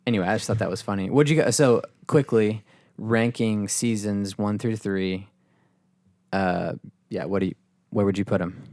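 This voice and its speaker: A man's voice: lowish voice, fairly even intonation, moderate pace, a little mellow, no room sound. Man asking questions in dry podcast chat. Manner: leads the talk, asks the others questions. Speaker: podcast co-host. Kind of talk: casual chat.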